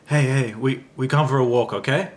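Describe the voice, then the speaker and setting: A man voicing a calm middle-aged male monk who speaks gentle broken English and repeats himself. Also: medium pitch, moderate pace, natural voice.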